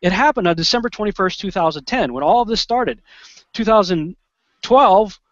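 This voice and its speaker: Animated man telling a story, lo-fi. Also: sits high, moderate pace, dry recording. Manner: animated, excitable, with restarts and quoted asides. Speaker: interview guest. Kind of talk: conversational storytelling. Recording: dull lo-fi sound.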